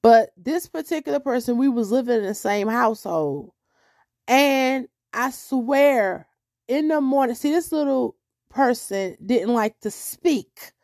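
High-pitched lady podcaster ranting about a neighbor, acts out every voice, super dry close mic. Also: a little slow, dry recording. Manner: animated, acts out both sides of arguments. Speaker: podcast host. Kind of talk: casual storytelling monologue.

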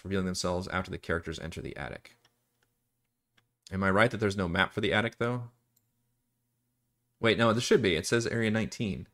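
A man from Texas, USA, acting as dungeon master, rambles casually through campaign prep on a live stream, restarting sentences and swearing now and then. His voice is deep with a fairly bright tone.

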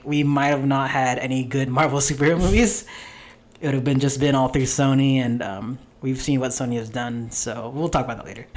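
A young man hosting a casual podcast, explaining at a relaxed pace with lots of fillers. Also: mid-range voice. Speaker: podcast host.

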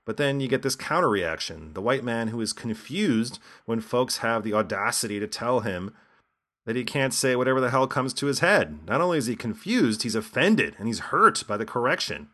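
A man's voice: medium pitch, big pitch swings, normal speed, fairly bright tone. A man hosting a podcast with scripted commentary and a sardonic, lecturing manner. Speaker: podcast host.

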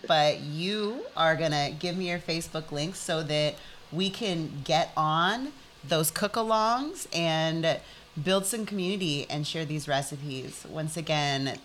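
A woman hosting a podcast, talking slowly in a low, bright, forceful voice. She is effusive and encouraging, and says "y'all" to her listeners. There is a faint hiss of noise behind her. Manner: warm, effusive, drawls "y'all". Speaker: podcast host. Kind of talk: casual interview chat.

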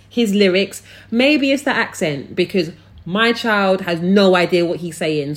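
A young woman hosting a podcast, ranting casually and bluntly, swearing freely. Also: mid-range voice. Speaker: podcast host. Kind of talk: casual opinion rant.

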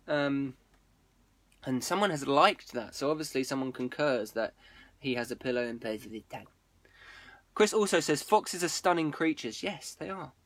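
A man's voice: on the high side, lively intonation, moderate pace, a bit bright, no echo. A man hosting a live stream, rambling casually to viewers, swearing freely and breaking off his own sentences. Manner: rambling, sweary, self-interrupting.

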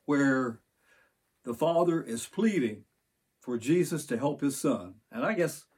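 An older man delivers a Sunday sermon in a husky, slightly breathy voice. He speaks earnestly, reading scripture aloud and pausing to explain it to his congregation. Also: medium pitch, animated, a little mellow. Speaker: pastor.

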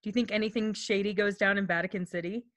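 A woman's voice: mid-range voice, fairly even intonation, quick pace, fairly bright tone, dry recording, studio quality. A woman co-hosting a podcast, chatting casually, giggling often and rambling a little. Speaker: podcast co-host. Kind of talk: casual comedic chat.

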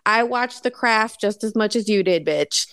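A woman's voice: medium pitch, moderate pace, a bit bright, clear, resonant tone, dry recording. A woman co-hosting a casual podcast, ranting with sarcasm and heavy swearing. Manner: profane, sarcastic ranting with frequent laughter. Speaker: podcast co-host.

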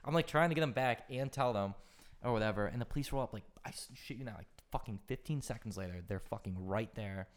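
A young man in casual conversation, racing through an animated, profanity-laced story packed with "like" fillers. His voice sits somewhat low and the words tumble out fast. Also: slight background noise.

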